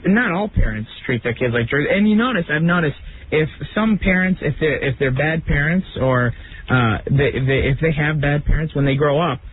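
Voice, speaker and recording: A man's voice: on the high side, normal speed, a little hiss or hum. A man who is a guest on a radio show, rambling and correcting himself mid-sentence. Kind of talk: talk radio conversation. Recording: tinny phone-like radio audio.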